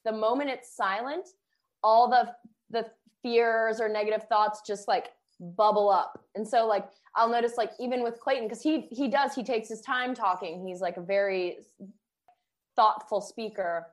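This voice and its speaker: A woman's voice: a little high, moderate pace. A woman hosting a podcast, chatting casually and laughing easily as she asks her guest questions. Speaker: podcast host, personal trainer. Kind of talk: casual chat.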